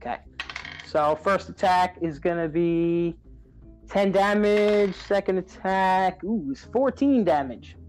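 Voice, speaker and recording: A man playing in a tabletop game, calmly calling out his dice rolls. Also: sits high, faint music behind. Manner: unhurried, calls out dice rolls. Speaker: player. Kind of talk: casual tabletop play.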